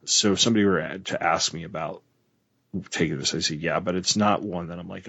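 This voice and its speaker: A man with a very low, husky voice chats loosely about books, hedging and restarting as he goes. The sound is dry and a bit dull, like a lo-fi home podcast recording. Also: fairly quick, a bit bright, no echo. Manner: hesitant, many fillers and restarts. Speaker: podcast co-host. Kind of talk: casual book-club chat.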